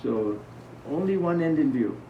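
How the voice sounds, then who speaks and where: Monk, conversational storyteller, gravelly voice, recorded from afar in an echoey room. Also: male voice, fairly high pitch, expressive, normal speed, slight background noise. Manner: conversational, asks the audience questions. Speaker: monk giving a spiritual talk. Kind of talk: informal spiritual talk with storytelling. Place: talk to a small gathering. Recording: roomy, distant, dull sound.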